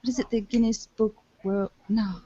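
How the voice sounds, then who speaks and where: A woman's voice: fairly high pitch, fairly even intonation, normal speed, warm tone, husky, highs cut off. A woman chatting casually on a podcast panel, giggly and groping for words.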